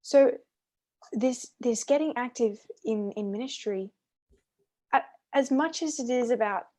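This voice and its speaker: A woman's voice: a little high, a little slow, a little mellow. An Australian woman co-hosting a church podcast, speaking earnestly and enthusiastically about faith. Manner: earnest, enthusiastic, repeats words. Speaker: podcast co-host. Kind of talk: casual faith discussion.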